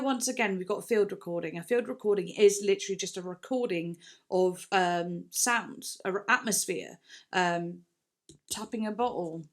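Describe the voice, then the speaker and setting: Chatty woman reacting to music. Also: medium pitch. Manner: chatty, rambling, excitable with gasps and laughs. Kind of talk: casual reaction commentary. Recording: faint song playing behind.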